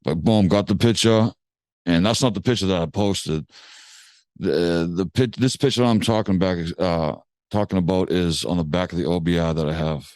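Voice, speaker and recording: Young Massachusetts guy, low-pitched, dry close sound; lively slang-heavy storyteller who curses freely. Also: moderate pace, dry recording. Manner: animated, slangy, swears casually, acts out other people's lines. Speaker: music producer guest. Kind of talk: casual storytelling.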